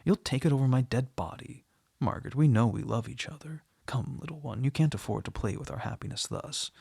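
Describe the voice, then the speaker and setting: A man with a husky, gravelly voice voicing a passionate former lover who forcefully pleads with a woman to come away with him. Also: mid-range voice, a little fast, no room sound, clean studio sound. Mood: pleading. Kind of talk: storybook reading.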